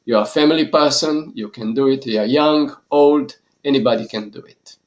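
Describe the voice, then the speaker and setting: A man who is a monk teaching a yoga course lesson, explaining ideas calmly in short measured phrases. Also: mid-range voice, dull audio.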